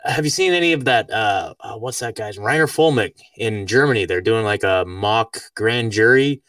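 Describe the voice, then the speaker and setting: A man's voice: lowish voice, lively intonation, normal speed, fairly bright tone, dry recording. Man, podcast host, rambling casual chat, lots of filler, dry sound, a bit far from the mic. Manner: rambling, filler-heavy, laughs easily.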